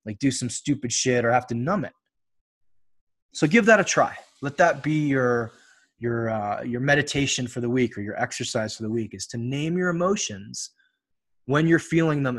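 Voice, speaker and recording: Husky man coaching his listeners. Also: mid-range voice. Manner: earnest, coaching, addresses listeners as guys, swears casually. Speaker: podcast host. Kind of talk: solo podcast monologue.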